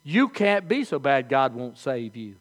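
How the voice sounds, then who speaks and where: An older man preaching a sermon as pastor, telling folksy stories with animated, halting restarts. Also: medium pitch.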